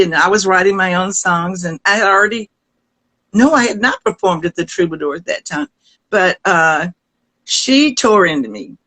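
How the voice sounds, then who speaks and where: An older woman from the American South tells her story with a Southern accent. She talks in a lively way, laughs often and restarts her sentences. Her voice sits in the middle pitch range. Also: normal speed, rough recording. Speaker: guest singer. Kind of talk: storytelling in a conversation.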